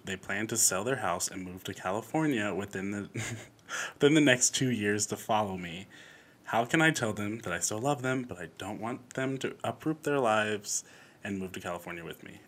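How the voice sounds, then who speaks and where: A man co-hosting a podcast, reading listener letters quickly and laughing along in casual chat. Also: lowish voice, a bit bright.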